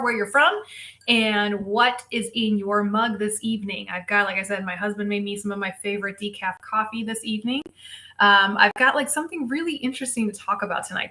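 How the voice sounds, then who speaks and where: At home in Tampa, a woman physical therapist hosts a casual live stream, chatting and greeting viewers by name. Her voice is fairly high with a sharp tone.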